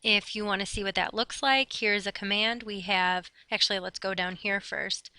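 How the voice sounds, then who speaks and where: A woman teacher giving a brisk recorded review lesson, explaining step by step. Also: medium pitch, fairly even intonation, pushed and bright, no echo. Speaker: Spanish teacher.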